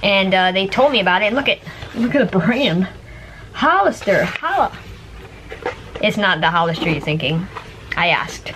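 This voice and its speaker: A woman's voice: fairly low pitch, brisk, a bit bright, a little hiss or hum. A woman vlogger chatting casually to camera, rambling with lots of fillers and little laughs.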